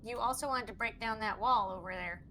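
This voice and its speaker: A woman's voice: fairly high pitch, a little fast, crowd noise. A woman playing a tabletop game in casual chat, blunt and wry. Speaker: player. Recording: music behind.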